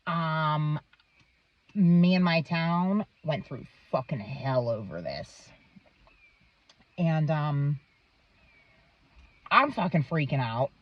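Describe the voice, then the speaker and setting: A low-voiced woman vlogger who rambles and swears freely as she talks to the camera. Her pitch swings widely and her pace is unhurried. The sound is dry but dull and set back from the mic. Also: animated, no echo. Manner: rambling, swears a lot, many "um"s and "like"s. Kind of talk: casual monologue to camera.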